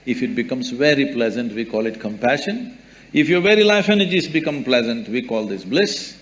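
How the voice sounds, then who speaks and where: A man answering as a spiritual teacher, speaking in a measured way and building his points in repeated lists. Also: medium pitch. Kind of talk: spiritual discourse.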